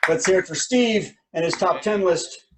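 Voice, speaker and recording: High-voiced joking male comedy host. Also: moderate pace, noisy background. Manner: rambling, joking, upbeat. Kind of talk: live online comedy show hosting.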